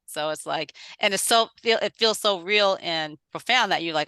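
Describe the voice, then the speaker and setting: A woman's voice: on the low side, normal speed, bright, forceful tone, clear, resonant tone, no room sound. A woman guest, a dream teacher, explaining her views in a flowing, reflective way. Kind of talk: conversational explanation.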